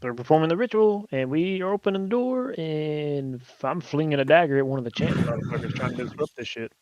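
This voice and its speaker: A man's voice: fairly high pitch, animated, fast talker, darkish tone, dry recording, highs cut off. Brash swearing male player. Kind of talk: casual game chat.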